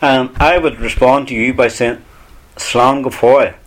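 Irish-language teacher: a man with an Ulster Irish accent, calm and patient, mid-pitched. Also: a little slow. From Ulster, Ireland. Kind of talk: explanatory teaching.

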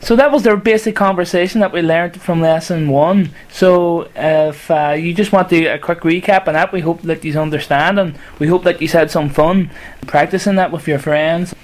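Irish male podcast host, relaxed and hesitant, casual lesson. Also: a little high, normal speed. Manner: relaxed, hesitant, uses fillers.

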